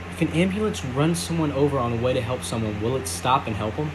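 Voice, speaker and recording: A man's voice: medium pitch, lively intonation, fast talker, background noise, natural voice. A man voicing Marvin, a young man who earnestly asks odd, puzzled questions. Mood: curious.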